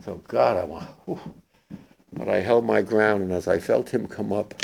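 An older man, a war veteran, gives spoken testimony to young listeners, halting and emotional with many restarts. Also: fairly low pitch, vocal fry, a little mellow, slight background noise.

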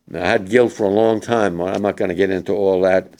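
An older war veteran giving an emotional, halting memorial speech to young people in a hall. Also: male voice, low voice, fairly even intonation, darkish tone.

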